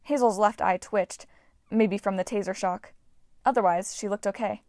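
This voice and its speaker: Woman narrator for a fantasy audiobook, mid pitch, dry close recording, animated reads. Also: moderate pace, no room sound. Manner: lively, voices characters with shouts. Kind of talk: audiobook narration with character voices. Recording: dry, low-quality home recording.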